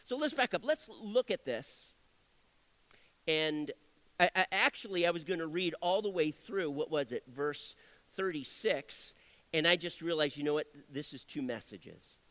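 A male pastor delivers a sermon in a high, lively voice. His delivery is animated and conversational, with frequent asides and self-corrections. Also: unhurried.

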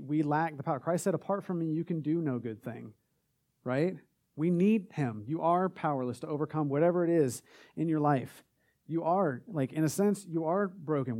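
A man's voice: fairly high pitch, dark tone. A young man giving an informal sermon to a group, earnest and conversational, with lots of filler words as he builds through a list of affirmations. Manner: earnest and conversational, with many "like" fillers, rising in intensity through lists.

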